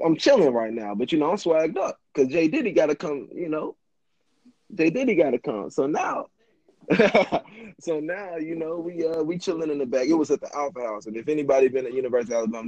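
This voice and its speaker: A man's voice: on the high side, animated, quick pace, darkish tone, no room sound. Laid-back young man, dull line. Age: young adult. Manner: laid-back, laughing, slangy storyteller. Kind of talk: casual storytelling.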